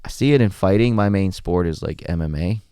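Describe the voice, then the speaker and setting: A man speaking candidly as a podcast guest, blunt and animated, swearing freely while recounting his experiences. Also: deep voice, a little fast, smooth, dry recording, studio quality. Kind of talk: candid conversational storytelling.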